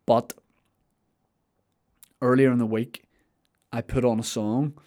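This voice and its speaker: A man's voice: mid-range voice, flat delivery, slow, mellow. A young man hosting a podcast in casual chat, answering listener questions in a rambling way that often interrupts itself. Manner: rambling, self-interrupting, with restarts and playful asides. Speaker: podcast host.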